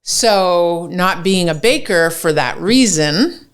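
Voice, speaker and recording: A woman's voice: on the low side, lively intonation, slow. A woman chef telling a story as a podcast guest, swearing freely and acting out what people said. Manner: swears freely, acts out quoted dialogue. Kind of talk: animated storytelling in casual chat.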